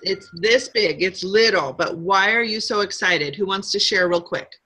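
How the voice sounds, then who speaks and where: A woman's voice: mid-range voice, moderate pace, pushed and bright, slight background noise, low-quality recording. A middle-aged woman leading a live sales training session, upbeat and coaching, drawing call-and-response from her group.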